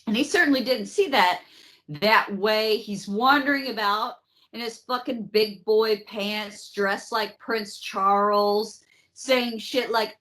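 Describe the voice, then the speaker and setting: A woman's voice: a little high, measured pace. A woman hosting a podcast, telling history in a casual, profane, joking way. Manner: profane, animated storytelling with mock voices. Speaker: podcast host. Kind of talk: casual comedic history chat.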